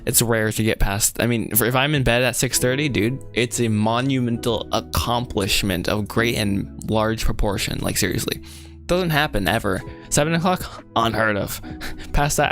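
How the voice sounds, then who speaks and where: Young male streamer, loose and chatty, laughs a lot, pokes fun at himself, average pitch. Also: brisk, fairly bright tone, soft background music. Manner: rambling, self-deprecating, laughs often. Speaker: livestreaming writer. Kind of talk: casual livestream chat while writing.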